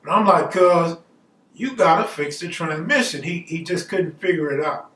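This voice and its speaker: A man with a fairly high voice tells a personal story casually, full of slang and quoted back-and-forth. He sits back from the mic. The room adds a noticeable echo. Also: moderate pace, sharp tone, distant mic. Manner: laid-back, slangy, acts out quoted dialogue. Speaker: storyteller host.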